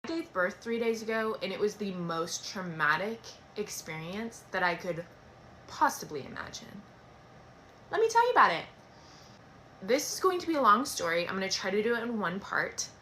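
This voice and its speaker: A woman tells a storytime vlog straight to her viewers. She is candid and direct, with a sharp, bright tone. Faint background noise sits under her voice. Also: medium pitch, very animated, moderate pace.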